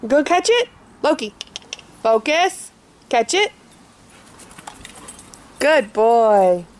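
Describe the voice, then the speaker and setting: Slow sing-song woman cooing at her dog. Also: high voice, very animated. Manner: sing-song, coaxing, repetitive praise. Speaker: dog owner. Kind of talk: baby talk to a dog. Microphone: camcorder.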